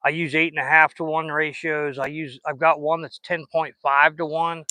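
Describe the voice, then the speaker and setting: A man's voice: on the high side, flat delivery, normal speed, sharp tone, no echo. A man, chatting folksy and casual while fishing outdoors on a riverbank and recording on a phone, sweet-talking the fish he catches. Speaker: fishing vlogger.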